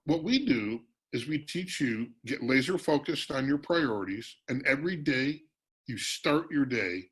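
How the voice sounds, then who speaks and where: A man presenting a business workshop in a virtual meeting, energetic and teasing, calling on audience members by name. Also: medium pitch, a little slow, slightly rough, low-quality recording.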